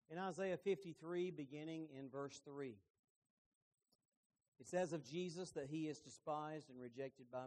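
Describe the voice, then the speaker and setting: A middle-aged man preaching a sermon, telling the story with lively emphasis and folksy asides. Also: mid-range voice.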